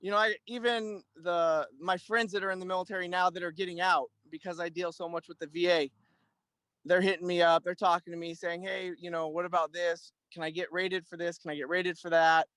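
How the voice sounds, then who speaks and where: A man in his thirties speaks as an interview guest, relaxed and rambling with plenty of fillers and restarts. His voice sits high for a man and comes through smooth and resonant. The sound is dry and close, with no room around it. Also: fairly quick, no room sound. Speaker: guest, Army veteran and clothing-line owner. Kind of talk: casual interview conversation.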